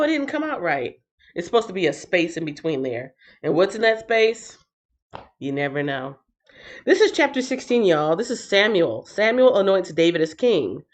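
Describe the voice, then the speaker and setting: A woman from the northern United States hosting a live stream, chatting casually with viewers and reading the Bible aloud, laughing often. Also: deep voice. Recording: slightly dull lo-fi stream audio.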